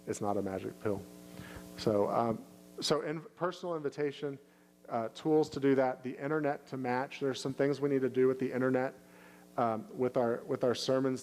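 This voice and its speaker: A male pastor answering questions in a casual Q&A, speaking in a halting way with many restarts and fillers, and lifting his voice when he acts out friendly invitations. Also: medium pitch, darkish tone, a little hiss or hum, rough recording. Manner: acts out inviting lines in a lifted, upbeat voice.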